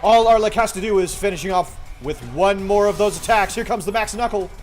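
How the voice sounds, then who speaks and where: Brief: hyped stadium announcer, put on by a man, raised and loud, big dramatic calls, faint music behind. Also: fairly quick, natural voice. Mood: booming. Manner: booming, dramatic play-by-play hype. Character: excited male sports stadium announcer. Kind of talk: mock sports commentary over gameplay. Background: faint background music.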